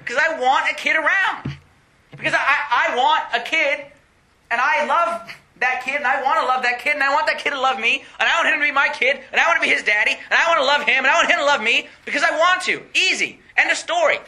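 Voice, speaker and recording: Young male preacher, high and very bright voice, animated and laughing often. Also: a little fast. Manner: animated, laughing often, rising to excited pitch. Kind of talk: sermon.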